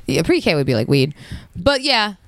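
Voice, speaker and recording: A woman's voice: lowish voice, sing-song, normal speed, dry recording. Giggly young woman, dry sound. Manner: giggly, many fillers. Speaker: podcast co-host. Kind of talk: casual chat.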